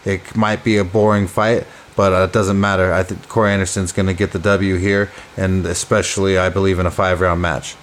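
A man's voice: low-pitched, flat delivery, fairly quick, hardly any pauses. A man co-hosting a casual podcast, talking about fighters with enthusiasm. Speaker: podcast co-host.

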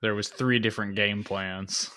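A man's voice: lowish voice, steady tone, normal speed, pushed and bright, no room sound. Joking man at a game table. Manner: joking, laughs often. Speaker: player. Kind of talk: casual tabletop game play.

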